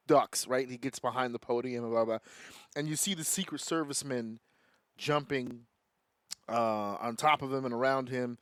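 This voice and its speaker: A man co-hosting a casual podcast, excitable and profane, acting out scenes as he laughs through his stories. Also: a little high, no room sound, studio quality. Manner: excitable, swears freely, acts out scenes while laughing. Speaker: podcast co-host.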